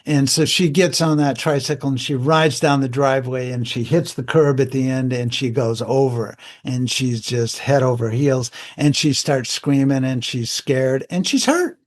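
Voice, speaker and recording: A man's voice: mid-range voice, steady tone, moderate pace, few pauses. Older man, candid psychologist guest. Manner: candid, plain-spoken, reflective. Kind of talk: conversational interview.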